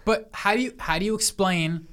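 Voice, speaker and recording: A woman's voice: mid-range voice, moderate pace, a bit bright. A woman co-hosting a podcast in casual chat, slightly tipsy, with a dry, teasing, profane manner.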